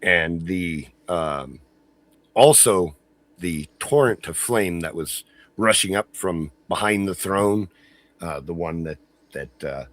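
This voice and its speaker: A man's voice: deep voice, takes it slowly, a bit bright, dry recording. A man narrating a tabletop game as game master in a descriptive style, with frequent fillers.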